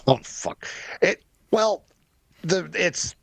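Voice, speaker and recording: Slow easygoing canadian guy telling stories, laughs a lot, dead dry sound. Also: high-pitched, animated, vocal fry, no room sound. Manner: laughs often, storytelling, unhurried. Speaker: podcast co-host. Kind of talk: casual chat.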